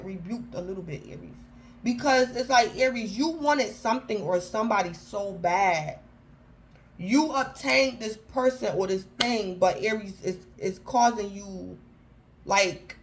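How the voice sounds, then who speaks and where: A woman reads tarot cards in a loose, chatty way, her voice sitting at a middle pitch. She talks in slangy, informal phrasing, restarts her sentences and keeps calling out to her listener by star sign. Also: a little hiss or hum, rough recording. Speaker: tarot reader. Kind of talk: casual tarot reading to camera.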